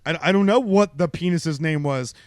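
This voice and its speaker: A man with a fairly high, clean and smooth voice reads a news article aloud to a friend. He laughs often and stops to mock the clumsy writing. The recording is dry, with no room sound. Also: moderate pace, darkish tone, no echo. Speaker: podcast co-host. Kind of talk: casual chat, reading a news story aloud.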